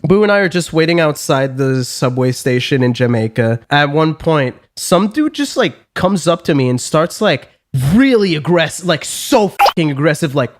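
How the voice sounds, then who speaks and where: A man telling a story on a podcast in a casual, animated, profane way with lots of fillers. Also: a little high, normal speed, few pauses, background noise.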